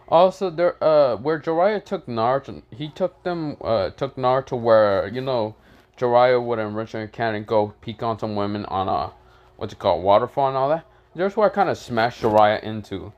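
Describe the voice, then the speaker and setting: A man's voice: mid-range voice, lively intonation, moderate pace, muffled recording. Rambling man telling a story. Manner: rambling, filler-heavy, casual. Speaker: channel host telling a story. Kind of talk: casual fan fiction storytelling.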